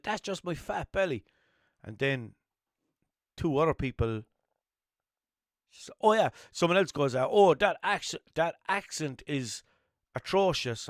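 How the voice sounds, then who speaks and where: A man's voice: mid-range voice, no echo, clean studio sound. A young man from Limerick with an Irish accent, talking in a rambling, swearing, self-mocking way as a podcast host. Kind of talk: casual solo monologue.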